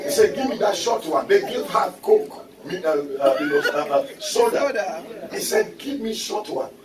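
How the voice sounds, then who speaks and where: Animated preaching man. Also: high voice, normal speed, a loud crowd. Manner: animated, often breaks into shouts. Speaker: visiting pastor. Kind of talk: sermon with humorous storytelling. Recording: echoey church hall, mic at a distance. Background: congregation responding.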